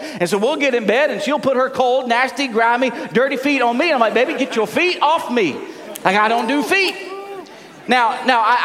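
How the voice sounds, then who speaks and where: A Southern US man in his forties preaches with a noticeably high voice and an animated, joking delivery. He stumbles and repeats words as he goes. His voice rings out with a long reverb. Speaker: pastor. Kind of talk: sermon. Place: church sanctuary.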